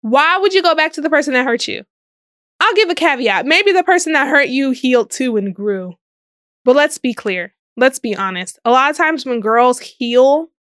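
A woman's voice: high voice, a bit bright, clear, resonant tone, no room sound, studio quality. A young woman hosting a casual commentary podcast, sassy and emphatic, often laughing and drawing out words for stress. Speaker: podcast host. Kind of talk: casual social media commentary.

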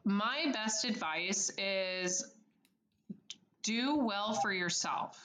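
A woman's voice: mid-range voice, drawn-out words, a bit bright. A bubbly woman answers interview questions about her work as a service advisor, laughing often between her points. Her voice sits in the middle of a woman's range. The room around her sounds roomy and echoey. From United States. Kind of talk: podcast interview.

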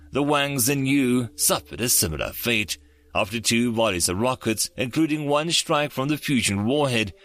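A man reading an audiobook in measured, steady scripted narration. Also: medium pitch, dry recording.

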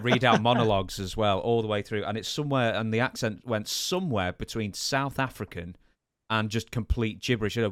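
A man's voice: mid-range voice, a bit bright, no echo, clean studio sound. A man with an English accent co-hosting a podcast, chatty and self-deprecating in casual talk. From England. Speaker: podcast co-host. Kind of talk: casual chat.

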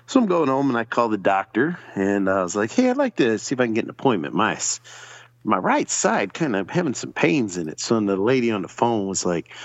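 Low-voiced, animated man telling a profane story. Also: a little fast, dry recording, dull audio. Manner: profane, animated storyteller acting out other people's lines. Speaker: podcast guest. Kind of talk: casual storytelling.

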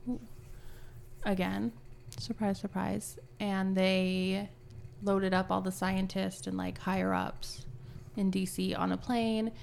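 A woman's voice: medium pitch, level tone, slow pace, vocal fry, a little mellow, a little hiss or hum. A woman co-hosting a podcast, animatedly retelling a book chapter in casual chat, swearing freely. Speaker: podcast co-host.

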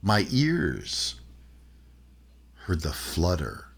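Casting note: ghostly old witch reciting a rhyme, as a man reads it plainly, very deep, gravelly, slow. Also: huge pitch swings, heavily acted. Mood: eerie. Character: old female witch telling a spooky rhyme.

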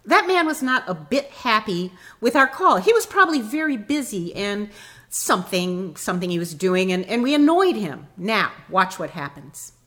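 A calm, sly father lays out a lesson for his daughter, as a woman puts him on, with a bright, lively voice. He sounds patient and explaining, with a wry edge. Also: mid-range voice, moderate pace.

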